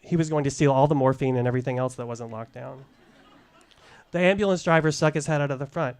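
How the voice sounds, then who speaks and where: A middle-aged man telling a candid personal story at a live showcase, deliberate and wry, into a stage microphone. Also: mid-range voice, darkish tone, smooth. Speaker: storyteller, former case manager.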